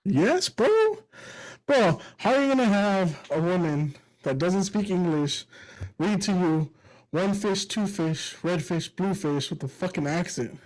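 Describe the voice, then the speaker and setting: Higher-voiced man telling crude stories. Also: unhurried, poor audio. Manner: crude, animated storytelling with frequent laughs and swearing. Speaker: podcast host. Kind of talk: casual chat.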